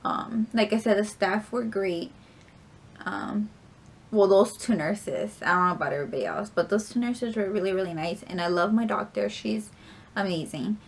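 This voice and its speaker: A woman's voice: mid-range voice, normal speed, gravelly, a little hiss or hum. A young woman vlogger telling a story in a casual, rambling way, full of filler words and casual swearing.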